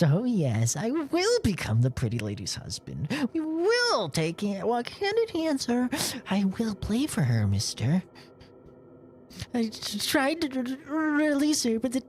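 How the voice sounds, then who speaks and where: A woman voicing a timid young male violinist in a horror game who stammers and pleads in a high voice. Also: heavily acted.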